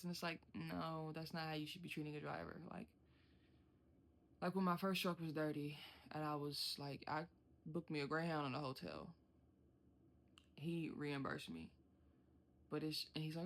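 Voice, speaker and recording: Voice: medium pitch, lively intonation, normal speed, sharp tone. A truck driver venting bluntly and casually to the camera from inside a truck cab, full of slang and exasperation, recorded on a phone. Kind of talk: casual vlog rant.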